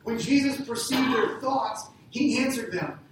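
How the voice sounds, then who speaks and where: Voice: mid-range voice, a little slow, recorded from a distance. Pastor preaching, conversational, questions to the crowd, very echoey hall, off-mic, faint noise. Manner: conversational, asks the congregation questions. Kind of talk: sermon.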